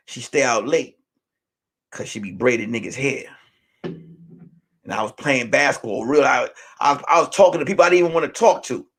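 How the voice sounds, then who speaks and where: A man from Brooklyn telling a funny story in street slang, swinging between shouting and hushed near-whispers. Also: fairly high pitch, husky. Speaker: host. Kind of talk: comedic storytelling.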